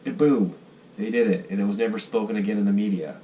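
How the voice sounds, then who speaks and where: Deep-voiced rambling American man. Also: fast talker, warm tone. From United States. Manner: rambling, swearing, acts out voices of groups. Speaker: vlogger sketching ideas. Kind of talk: casual rambling monologue. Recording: distant mic with faint noise.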